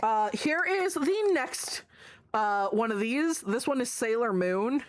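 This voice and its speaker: A woman's voice: on the high side, lively intonation, slow pace. A woman streamer chatting casually and rambling as she shows items to her live chat, swearing freely. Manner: chatty, profane, rambling show-and-tell. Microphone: desk mic.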